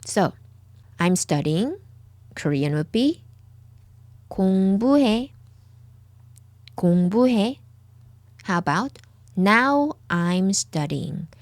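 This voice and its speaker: A woman's voice: medium pitch, big pitch swings, takes it slowly, pauses often, no room sound. A woman giving a language lesson, patiently saying each word several times over, recorded close up. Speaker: Korean language teacher. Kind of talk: slow lesson, repeating words for the viewer.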